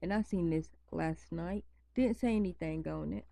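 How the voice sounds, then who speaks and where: A woman's voice: on the low side, moderate pace, vocal fry, dark tone, dry recording. A woman talking casually to her viewers at home, rambling and repeating her points for emphasis. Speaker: vlogger. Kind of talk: casual chat to camera. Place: home at night, near pets.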